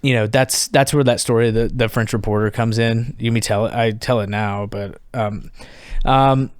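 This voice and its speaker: A man in his thirties, a podcast guest, telling a story and laughing as he acts out the dialogue. His voice has a middle pitch and is recorded close and dry, with no room sound. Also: fairly even intonation, normal speed, smooth, no room sound. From United States. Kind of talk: storytelling in conversation.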